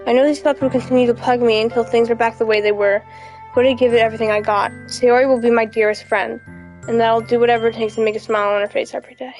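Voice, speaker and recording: A woman's voice: a little high, little pitch movement, fast, a little mellow, soft background music, rough recording. A young woman reading a visual novel aloud over an online call, dramatic and given to repeating herself when upset. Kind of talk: emotional game read-aloud.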